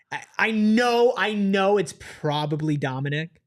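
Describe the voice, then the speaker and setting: A man's voice: high voice, lively intonation, slow pace. Jokey male producer chiming in. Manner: jokey, laughing along. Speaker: show producer and co-host. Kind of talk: casual sports talk.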